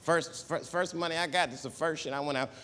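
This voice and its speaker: A man performing a stand-up comedy routine on stage, talking in an animated way and jumping into loud put-on voices. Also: a little high, fast talker. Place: stage in a large hall. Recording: live hall recording, faint ambience.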